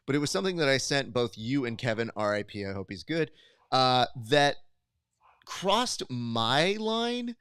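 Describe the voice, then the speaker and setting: A man's voice: medium pitch, measured pace, clear, resonant tone, no echo, clean studio sound. A man hosting a podcast in casual chat, telling stories and acting out the people in them. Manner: animated storyteller, acts out quoted exchanges. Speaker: podcast host.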